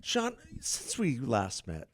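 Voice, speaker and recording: A man's voice: mid-range voice, wildly swooping pitch, slow, husky. A man co-hosting a podcast in casual political chat, joking and teasing his partner. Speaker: podcast co-host.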